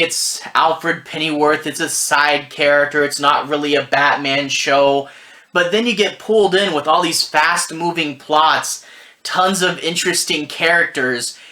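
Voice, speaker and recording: A man's voice: fairly high pitch, pushed and bright. A man giving a casual, rambling review of a TV series, with frequent "you know" and "like" fillers. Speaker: TV and film reviewer. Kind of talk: casual solo review talk.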